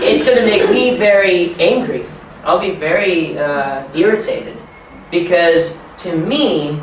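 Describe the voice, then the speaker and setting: An American man talks a room of teachers through classroom advice in a loose, animated way, breaking into little acted-out quotes and laughter. He sounds far from the mic, and the room rings with heavy echo. A faint room hum sits underneath. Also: fairly high pitch. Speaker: ESL teacher trainer. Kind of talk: informal training talk. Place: training room.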